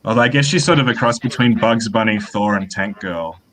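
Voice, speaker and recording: A man's voice: on the low side, brisk, a bit bright, rough recording. A male author in a casual interview, explaining his ideas in a thoughtful, rambling way with frequent fillers. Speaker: author guest.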